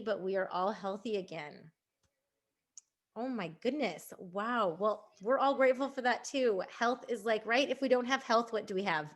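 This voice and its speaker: Casting: upbeat woman host on a group video call, slightly high voice, chatty and warm with laughter. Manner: bubbly, laughs often, reads out chat. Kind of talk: casual group chat.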